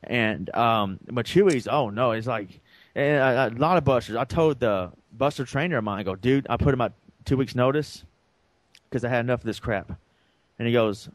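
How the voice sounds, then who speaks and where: A man's voice: medium pitch, normal speed, no room sound. A man co-hosting a podcast, telling a long story in a rambling, casual way and acting out the lines of the people in it. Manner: rambling, acts out quoted dialogue. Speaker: podcast co-host.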